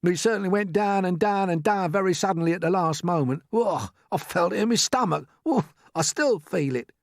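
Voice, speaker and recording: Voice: medium pitch, expressive, moderate pace, no room sound, clean studio sound, pitched above the performer's own voice, close to an everyday voice. A storybook reader voicing a gloomy, fretful male earthworm with a glum, complaining manner.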